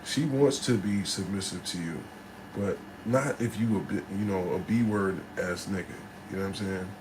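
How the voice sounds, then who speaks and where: A man's voice: low-pitched, normal speed. A battle rapper from New Jersey, talking bluntly and casually in slang to his livestream chat. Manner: blunt, laid-back, slangy, answers chat. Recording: steady background noise.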